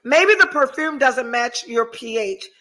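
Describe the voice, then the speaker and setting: Reading viewer comments aloud, this woman in her forties hosts a podcast with a sharp, fairly high voice, lively intonation and a measured pace. She's candid and swears a lot, swinging theatrically from mock despair to laughter. The audio is poor.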